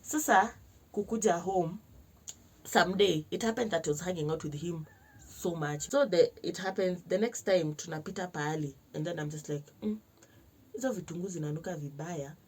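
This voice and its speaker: A young Kenyan woman telling a personal story to camera in a lively vlog, switching between slangy Swahili and English and acting out other people's lines. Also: fairly low pitch, normal speed, breathy edge. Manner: animated, mixes slang-heavy Swahili with English. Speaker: vlogger.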